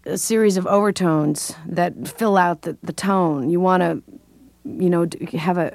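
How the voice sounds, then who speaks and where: Older woman jazz singer, low dry voice. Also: darkish tone, dry recording. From California. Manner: thoughtful, explanatory, laughs often. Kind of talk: interview conversation.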